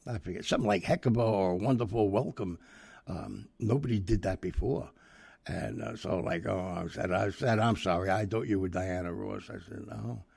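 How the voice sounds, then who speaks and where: An older man casually telling an anecdote in a rambling way, acting out the dialogue with lively voices. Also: on the low side, normal speed, creaky, slightly rough, dry recording. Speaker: storyteller.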